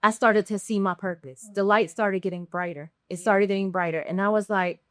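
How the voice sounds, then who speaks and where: A woman guest on a casual podcast conversation, telling her story in an animated way, full of fillers and asides. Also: mid-range voice, brisk, no room sound, studio quality.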